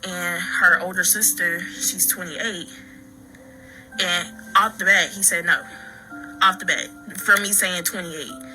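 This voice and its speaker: A woman recounting her own story in halting, earnest talk full of restarts and fillers. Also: on the low side, fairly even intonation, pushed and bright, faint music behind, rough recording. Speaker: daughter telling her story. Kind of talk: personal account.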